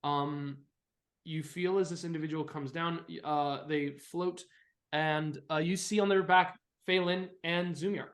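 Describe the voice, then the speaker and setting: A man narrating as dungeon master in a tabletop game, halting and correcting himself as he goes. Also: on the high side, steady tone, echoey room. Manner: halting, full of fillers and self-corrections.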